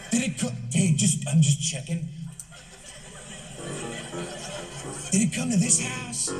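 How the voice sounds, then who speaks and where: A man's voice: high voice, expressive, normal speed, roomy sound, recorded from a distance, over music, voice pushed up. A male comedian voicing a brash male home intruder in a stand-up bit, with a drawling, swaggering and casually menacing manner. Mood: pushy.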